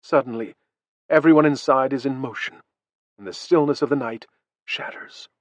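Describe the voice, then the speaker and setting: A man reads a first-person audiobook in a steady voice at a middle pitch. His delivery is even and measured. The sound is dry and close, with no room echo. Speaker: audiobook narrator.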